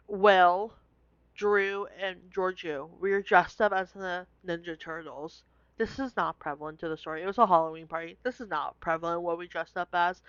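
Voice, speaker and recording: A young woman casually telling stories from high school, chatty and laughing often, with many "like" fillers. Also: a bit bright, clean tone, no room sound, lo-fi sound. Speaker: vlogger. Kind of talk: casual storytelling.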